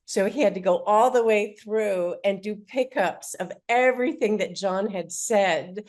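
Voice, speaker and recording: A woman's voice: medium pitch, a little slow, a little mellow. A woman in a panel discussion, telling anecdotes in a storytelling manner.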